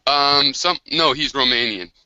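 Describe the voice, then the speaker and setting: A man's voice: mid-range voice, measured pace, sharp tone, lo-fi sound. An American man hosting a casual online group discussion, talking in long rambling turns with many restarts. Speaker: host of an online hangout.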